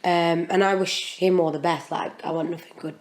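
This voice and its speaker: A British woman co-hosts a podcast, chatting casually about a reunion she took part in. Her voice sits a little low, and she talks in a gossipy way with frequent laughter. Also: steady tone, moderate pace. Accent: British English. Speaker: podcast co-host. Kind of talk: casual chat.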